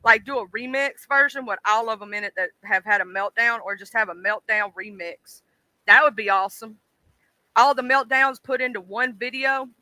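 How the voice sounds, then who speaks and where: A high-voiced woman hosts a casual livestream and talks straight to her chat. Her voice is very bright and crisp, and she is blunt and exclaiming. The sound is dry and close, with almost no room around it. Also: no room sound. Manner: animated, blunt and exclaiming, quick to voice disgust. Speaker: livestream host.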